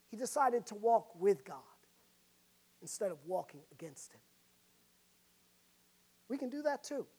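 A woman preaching a sermon, telling a story dramatically and swinging between loud and soft. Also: fairly high pitch, breathy edge.

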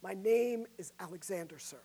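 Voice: medium pitch, a little fast, a little mellow, close to an everyday voice. A frightened young soldier answers meekly, his voice quivering, as a preacher puts him on in a sermon story. The voice stays close to the speaker's everyday tone. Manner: meek, quivering.

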